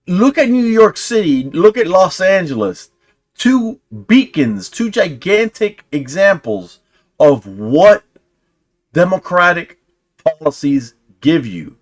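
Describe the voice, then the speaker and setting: A young man hosting a casual reaction commentary, sarcastic and animated, dropping slang and restarting his sentences. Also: on the high side. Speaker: commentary channel host.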